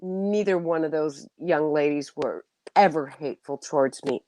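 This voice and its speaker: This middle-aged host chats casually with her livestream viewers at normal speed, her voice sitting low with no room sound. Emotional and warm, she laughs frequently and keeps restarting her sentences.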